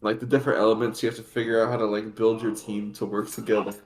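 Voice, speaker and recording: A young man co-hosting a casual podcast, blunt and joking with a deadpan delivery. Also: on the low side, fast talker, crowd noise. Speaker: podcast co-host. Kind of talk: casual chat.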